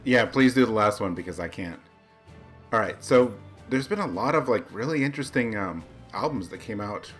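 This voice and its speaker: Male co-host, lower voice, relaxed and modest, faint music underneath. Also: normal speed. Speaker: podcast co-host. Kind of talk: casual podcast chat.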